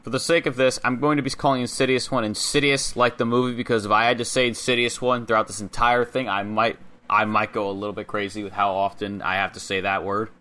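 A man's voice: on the low side, little pitch movement, fast talker, pushed and bright. A young man co-hosting a wrestling podcast, giving wry, profane commentary in casual chat.

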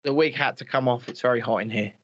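A man's voice: mid-range voice, fast talker, muffled recording. A man hosting a casual comedic chat show, profane and mocking, rambling with many restarts. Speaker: show host.

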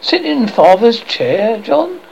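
A man's voice: high voice, very animated, measured pace, vocal fry, highs cut off, slight background noise, voice pushed up, exaggerated voice. A man reading aloud and voicing a bossy, motherly young girl who scolds and fusses over the other children. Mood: scolding. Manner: fussy, scolding.

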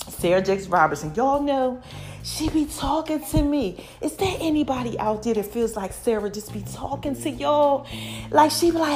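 A woman in her forties hosting her own podcast, talking casually and animatedly, giving shout-outs to listeners. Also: high voice, moderate pace, soft background music. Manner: animated, chatty, calls listeners "y'all" and "baby". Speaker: podcast host. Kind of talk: casual monologue.

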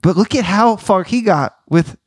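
A man co-hosting a casual faith podcast, talking earnestly and slowing down to read scripture like a preacher. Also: sits high, slightly rough, no room sound, studio quality. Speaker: podcast co-host and youth leader.

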